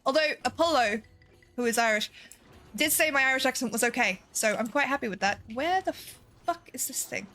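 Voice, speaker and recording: A woman's voice: sits high, expressive, a little fast, bright, forceful tone, soft background music. A woman streaming a game, chatting casually, swearing freely and laughing often. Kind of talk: casual gameplay chat.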